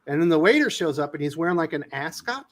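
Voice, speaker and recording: Male host, animated storyteller, high and very lively delivery for a casual panel show. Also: fast. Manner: animated storyteller, swears, acts out quotes loudly. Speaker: host of a comics news livestream.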